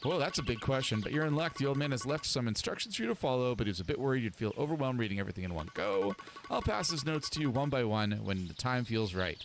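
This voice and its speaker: A man's voice: medium pitch, lively intonation, fast talker, over music, natural voice. A gossipy neighbor lady who rambles on and talks over everyone, read aloud by a man. Her lines come in a loose, casual reading of game dialogue. She never seems to run out of things to say. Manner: rambling, gossipy, cuts people off. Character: chatty, nosy woman neighbor in wine country.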